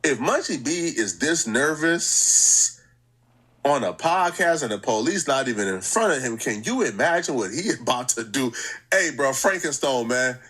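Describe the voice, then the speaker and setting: A young man hosting a reaction channel, giving mocking, animated commentary on clips. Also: medium pitch, normal speed, breathy edge.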